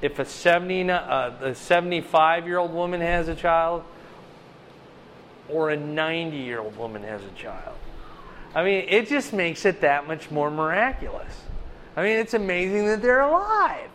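A man's voice: a little high, animated, normal speed, a bit bright, a little hiss or hum. A man leading a bible study in a chatty, conversational way, asking the group questions.

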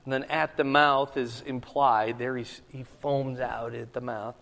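The preacher's gravelly, medium-pitched voice is flat and a little slow as he works through the text verse by verse in a conversational sermon, often checking in with listeners. A hall's long reverb surrounds him.

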